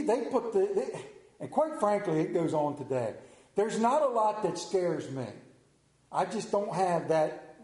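The sound is echoey as a man delivers a storytelling sermon in a folksy style. Animated stretches give way to low, slow passages meant for emphasis.

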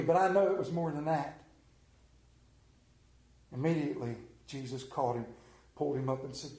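A middle-aged male pastor preaching a sermon, telling the story with lively acted-out scenes and sudden drops to a hush. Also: normal speed. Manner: animated storytelling, acts out scenes with big pitch swings. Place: room with a congregation. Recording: echoey room.

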